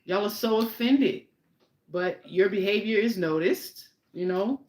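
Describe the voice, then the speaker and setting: Middle-aged woman, mid-pitched, earnest and agreeable co-host, echoey room. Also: a little slow, a little mellow. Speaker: podcast co-host. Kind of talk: casual chat. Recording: roomy echo.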